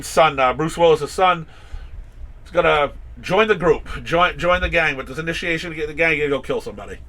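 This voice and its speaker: A man hosts a loose, casual podcast chat and tells long stories full of restarts and acted-out quotes. His voice is bright and forward and sits a little high for a man. A faint background hum runs under it. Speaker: comic shop owner and podcast host.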